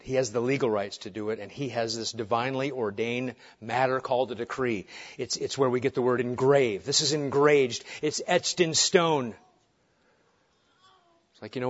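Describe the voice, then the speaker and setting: Dramatic preacher man, lo-fi recording. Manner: dramatic shifts between booming emphasis and hushed calm. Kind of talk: expository sermon. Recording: dull lo-fi sermon recording.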